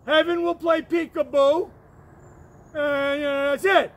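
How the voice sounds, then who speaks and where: A man rambling in an excitable way, with sudden shouts and whoops, while walking up a hill outdoors and recording on a phone. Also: extremely high pitch, slow pace. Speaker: vlogger.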